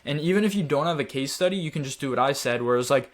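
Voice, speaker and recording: A man's voice: medium pitch, animated, fast talker, hardly any pauses. A man teaching a sales training lesson in a direct, coaching manner, urging his listeners on.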